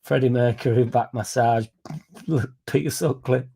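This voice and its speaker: Man, young adult, blunt and sweary, rambling livestream story, warm low-key tone. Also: fairly even intonation, measured pace, vocal fry, breathy edge. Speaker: football fan streamer.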